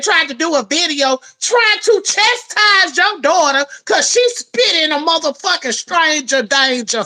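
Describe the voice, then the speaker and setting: A woman's voice: a little high, pushed and bright. A woman giving a heated, profane commentary rant, blunt and scolding. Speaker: commentary vlogger.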